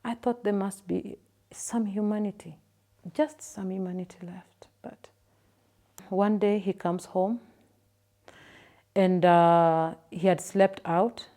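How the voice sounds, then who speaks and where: A Kenyan woman in her thirties, telling her own story to an interviewer in a soft, halting way with repeated words and fillers. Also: mid-range voice, fairly even intonation. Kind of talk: personal testimony in an interview.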